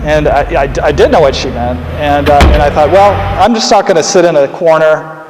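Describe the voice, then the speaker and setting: A man's voice: fairly high pitch, a little fast, echoey room, long reverb tail, background noise. A man, a political candidate, giving earnest documentary narration and commentary with dry humor.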